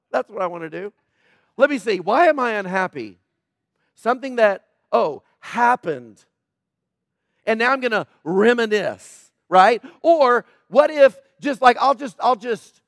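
A middle-aged man preaching a sermon in a conversational, sarcastic way, with quiet asides. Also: high-pitched, no echo, studio quality. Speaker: pastor.

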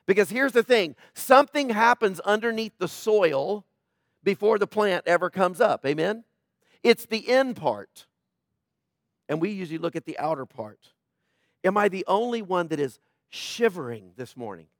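A male pastor preaching a conversational sermon, often checking in with his listeners and dropping to a hush at tender points. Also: sits high, animated, normal speed, dry recording, studio quality. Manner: conversational preaching, frequent "right?" tags, swings from loud to hushed.

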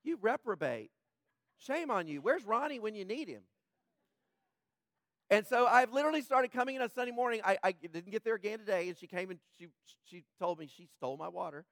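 A man with a high, slightly rough voice preaches to his congregation. He stays conversational, drifting into joking asides. The sound is dry and close, with no room around it. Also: animated, fairly quick, no room sound. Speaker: pastor. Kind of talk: sermon.

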